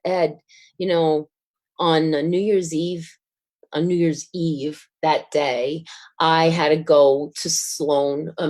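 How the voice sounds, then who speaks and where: A middle-aged woman, a guest telling a story in an interview, rambling with fillers and restarts and laughing as she gets excited. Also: sits low. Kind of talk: casual storytelling.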